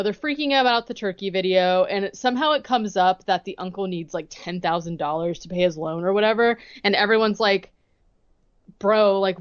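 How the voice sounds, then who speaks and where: A woman's voice: mid-range voice, clear, resonant tone, dry recording, dull audio. A woman co-hosting a podcast in casual chat, recapping a movie scene by scene. She leans on "like" a lot and acts out the characters' lines and her own reactions. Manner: chatty, heavy use of "like", quotes characters and her own reactions. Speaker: podcast co-host.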